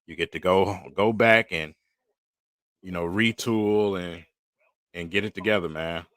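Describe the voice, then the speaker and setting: Deep-voiced man griping at a football game. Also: steady tone, measured pace, fairly bright tone, dry recording, clean studio sound. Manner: frustrated, conversational, slangy. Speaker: live stream host. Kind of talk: casual sports watch-party commentary.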